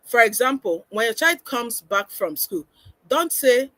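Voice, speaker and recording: Woman, parenting coach, fairly high voice, dry close sound, earnest webinar lecture. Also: lively intonation, a little slow, a bit bright, no echo. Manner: earnest, instructive, acts out parent-child exchanges.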